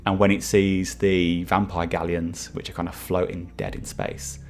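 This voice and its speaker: A man's voice: low-pitched, flat delivery, normal speed, gravelly. A man narrating as game master of a tabletop game, with hesitant, filler-heavy description.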